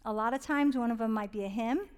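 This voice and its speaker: A woman's voice: fairly high pitch, fast talker, darkish tone, clean tone, in a large hall. Earnest woman sharing parenting faith. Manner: earnest and heartfelt, drops to a whisper on tender points; rambling, many fillers and restarts. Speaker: Christian parenting speaker. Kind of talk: casual devotional talk on parenting.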